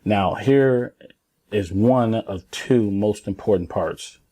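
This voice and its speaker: A man's voice: fairly low pitch, takes it slowly, warm tone. A man in his thirties, a former pro ballplayer, giving casual instructional talk to parents and kids in an earnest, emphatic way, repeating points for stress.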